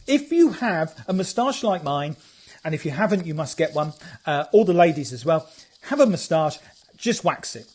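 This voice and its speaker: A chatty, light-hearted man talks straight into a phone camera on a live stream. His voice sits high for a man. He banters with his viewers and reads their comments aloud. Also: sing-song, normal speed, a little mellow. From England. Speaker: photographer hosting a live stream. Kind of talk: casual live-stream chat.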